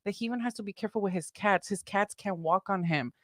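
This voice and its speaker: A young woman co-hosting a podcast in casual chat, expressive and playful, laughing often. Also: medium pitch, fast, no echo, studio quality. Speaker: podcast co-host.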